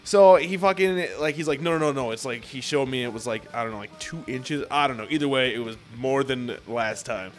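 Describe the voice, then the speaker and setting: A man's voice: medium pitch, fairly quick, hardly any pauses, soft background music. A young man telling a long story in casual chat, swearing often and acting out what others said. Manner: profane, animated storytelling with acted-out quotes.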